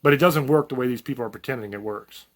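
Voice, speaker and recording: A man's voice: medium pitch, fast talker. A man giving an unscripted monologue to camera as a channel host, talking in a blunt, profane, folksy and rambling way.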